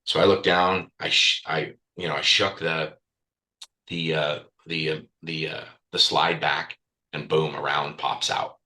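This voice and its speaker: A man's voice: very deep voice, flat delivery, measured pace, pushed and bright, rough recording. A man speaking as a podcast guest, telling a candid personal story bluntly, swearing freely and with raw emotion.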